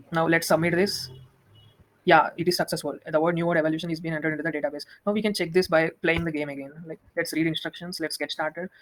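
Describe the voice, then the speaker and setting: A young man walking through a software demo, talking quickly with many restarts. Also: a little high, a little hiss or hum, rough recording. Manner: fast, flat, with frequent restarts and fillers. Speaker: student presenting a project demo.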